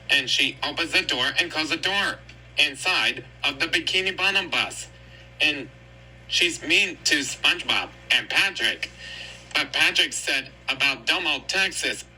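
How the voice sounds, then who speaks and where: Slow, lively rambling male storyteller. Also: a little high, slight background noise, poor audio. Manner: rambling and repetitive. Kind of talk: casual retelling of a cartoon episode.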